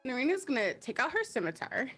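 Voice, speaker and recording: A woman's voice: high-pitched, very animated, quick pace, fairly bright tone, husky, soft background music. A woman playing a tabletop game, describing her character casually with lots of fillers. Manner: rambling with many fillers. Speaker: player.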